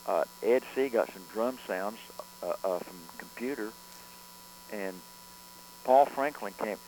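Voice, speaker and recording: A man, a record producer, telling studio stories in a relaxed interview, rambling with frequent restarts and fillers. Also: fairly low pitch, measured pace, a little hiss or hum, poor audio. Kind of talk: conversational storytelling interview.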